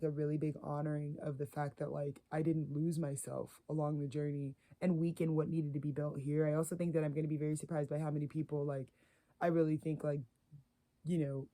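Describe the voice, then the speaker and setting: Woman, spiritual creator; meandering, filler-laden monologue, mellow tone, little pitch movement. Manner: filler-heavy, meandering, earnest.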